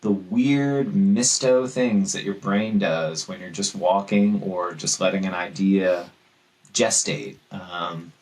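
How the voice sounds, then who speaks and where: A man talking as a guest on a podcast about his writing, thoughtful and animated, often poking fun at himself. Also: sits low, slow pace, low-quality recording. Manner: thoughtful, animated, self-deprecating. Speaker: guest author. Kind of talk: casual interview chat.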